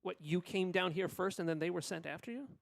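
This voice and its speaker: A man's voice: high-pitched, fairly quick, creaky. A man playing a newly arrived prisoner in a tabletop game, asking casual, probing questions. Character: newly arrived young adult male prisoner, curious. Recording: reverberant hall, faint music.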